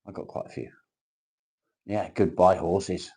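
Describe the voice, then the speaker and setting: A man speaks in a deep, husky, mellow voice as he hosts a casual live chat. He reads comments aloud and answers with crude, teasing banter. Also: fairly even intonation, unhurried. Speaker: livestream host.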